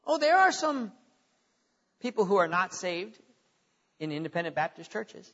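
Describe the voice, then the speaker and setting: A male pastor preaching a sermon, animated, firing off rhetorical questions and chuckling at his own jokes. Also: sits high, normal speed, pauses often, muffled recording.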